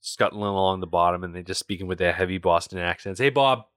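A man's voice: low-pitched, flat delivery, fast talker, fairly bright tone, dry recording, clean studio sound. A man co-hosting a podcast, chatting casually and conversationally about a movie. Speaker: podcast co-host. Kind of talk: casual movie discussion chat.

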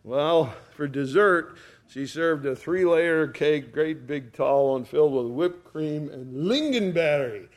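A man's voice: on the high side, lively intonation, a little slow. A man preaching a sermon as pastor, telling stories in a folksy, homely way. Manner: folksy storytelling.

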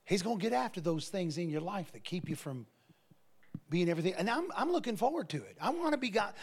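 A middle-aged man preaches with a high, gravelly voice. He is animated and slips into the voices of people from his stories. It is a lively sermon from the pulpit. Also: fast. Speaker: pastor.

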